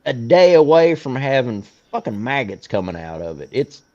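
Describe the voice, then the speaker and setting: Co-host, rambling and crude, animated delivery, muffled podcast mic. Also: male voice, medium pitch, moderate pace. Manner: rambling, profane, puts on hillbilly voices while retelling. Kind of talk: crude casual movie-review chat. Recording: dull lo-fi podcast audio.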